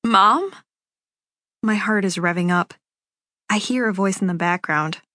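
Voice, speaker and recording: A woman reading a first-person novel aloud as an audiobook, in a measured, unhurried telling. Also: lowish voice, steady tone, a bit bright, dry recording, clean studio sound. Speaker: audiobook narrator.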